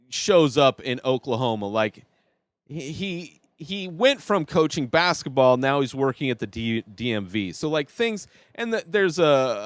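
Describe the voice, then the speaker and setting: A man's voice: mid-range voice, smooth, no room sound. A man hosting a podcast, chatting casually and giving his opinions as he reviews a TV series. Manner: chatty and opinionated, thinking aloud.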